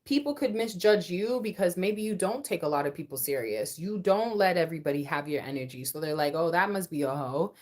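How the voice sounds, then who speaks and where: A young woman giving a casual collective tarot reading. She is slangy and playful, and her voice swings between low and high. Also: lively intonation, brisk, few pauses, a little mellow. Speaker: tarot card reader.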